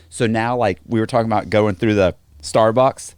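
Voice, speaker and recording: Recorded dry, a man with a smooth, fairly low voice speaks at a moderate pace. He's a former prisoner guesting on a podcast, casually and animatedly spinning stories while performing the quoted dialogue of the people in them.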